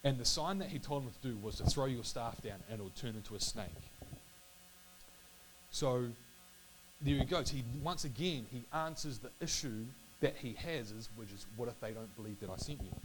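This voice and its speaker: A man talks through a Bible passage in a relaxed, personal way. He trips over his words, restarts, and apologizes as he goes. A faint electrical hum and hiss sit under the voice. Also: mid-range voice. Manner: halting, self-correcting, apologetic. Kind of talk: casual Bible reading and reflection.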